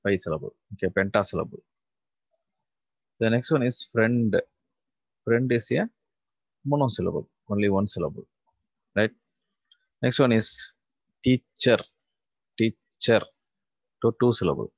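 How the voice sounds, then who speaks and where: Slow, deliberate male teacher. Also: lowish voice, lively intonation, no room sound. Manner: slow, repeats each word several times and spells letters aloud. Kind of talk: classroom vocabulary lesson. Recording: dull lo-fi recording.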